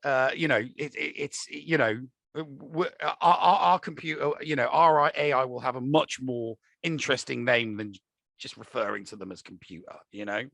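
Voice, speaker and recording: A British man co-hosts a podcast, rambling through loose casual chat full of fillers and restarts. His voice is gravelly and bright. It sounds dry and close to the mic. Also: medium pitch, steady tone, moderate pace, dry recording. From United Kingdom. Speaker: podcast co-host.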